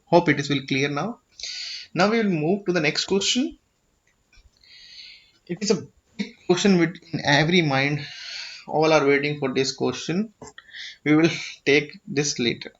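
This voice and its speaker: A man with an Indian English accent, a little high-pitched, walks through a filing form step by step. He keeps asking "okay?" and restarts his phrases. The audio is dull and lo-fi. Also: a little slow, pauses often, a bit bright. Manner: repeats "okay?" to check understanding, with frequent restarts. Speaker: tutorial presenter. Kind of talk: explanatory screen-share tutorial.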